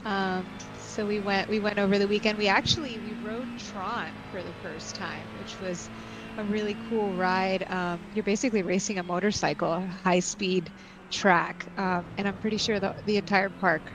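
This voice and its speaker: A woman's voice: medium pitch, fairly even intonation, moderate pace, background noise. A woman from the stream crew, chatting casually and a little hesitantly about her weekend. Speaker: support crew member on stream.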